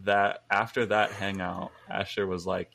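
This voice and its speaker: A young man in his twenties with a low, gravelly voice that rumbles with vocal fry. He tells rambling stories in a relaxed chat, chuckling through them. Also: unhurried, a little hiss or hum. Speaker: podcast guest. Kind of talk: casual storytelling chat.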